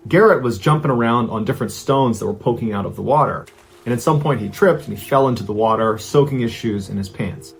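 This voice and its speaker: A man narrating a true disappearance story in a conversational, suspenseful way. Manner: conversational, builds suspense with rising pitch and slow pauses. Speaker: storyteller host.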